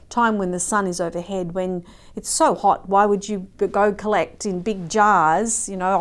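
Earnest woman telling a devotional story. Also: on the low side. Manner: earnest storytelling, softening to a hush at moving moments. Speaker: Christian speaker. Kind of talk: personal devotional talk.

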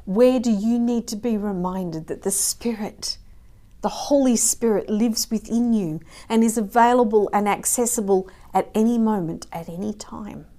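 A woman shares a faith story in a devotional talk. She speaks earnestly, and her voice drops to a soft hush at the tender parts. Her pitch sits in the middle for a woman. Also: normal speed. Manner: earnest storytelling, softening to a hush at moving moments. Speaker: Christian speaker.

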